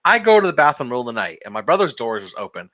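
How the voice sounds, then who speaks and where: A man's voice: medium pitch, very animated, very fast, a bit bright. A young man, a podcast co-host, telling a long story in casual group chat, swearing and laughing as he goes.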